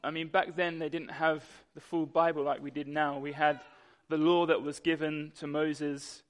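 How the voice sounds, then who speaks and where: A young man preaching a sermon, telling a personal story in a lively way and acting out the voices in it. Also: a little high, normal speed. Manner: animated storytelling, acts out voices. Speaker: pastor.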